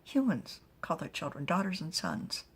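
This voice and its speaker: A woman voicing a gentle, affectionate father who is a clan chief, speaking softly and musing. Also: fairly low pitch, very animated, normal speed, slightly rough, full character voice. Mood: tender.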